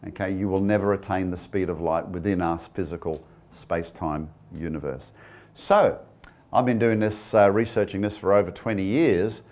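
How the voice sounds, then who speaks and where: A man's voice: sits low, moderate pace, a little mellow. A man giving a presentation with slides to a live audience. He talks conversationally, asks the listeners questions and throws in joking asides. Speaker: guest speaker.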